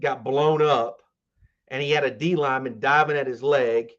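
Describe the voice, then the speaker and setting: A man co-hosting a sports podcast, rambling enthusiastically with lots of fillers and false starts. His voice sits at a middle pitch for a man. The recording sounds a bit dull and muffled. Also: steady tone, normal speed, fairly bright tone. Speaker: podcast co-host. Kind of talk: casual sports podcast chat.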